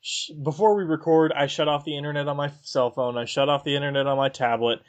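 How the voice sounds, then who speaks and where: A man's voice: fairly high pitch, fairly even intonation, fast. A man co-hosting a podcast over a Skype call from his laptop, talking casually with frequent restarts and small laughs. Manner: stammering restarts, self-deprecating laughs. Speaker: podcast co-host. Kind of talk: casual chat.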